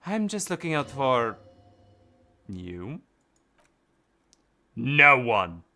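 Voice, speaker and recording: A man voicing an evasive stranger in sunglasses in a video game, murmuring low and cagey. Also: sing-song, drawn-out words, bright, forceful tone, heavily acted.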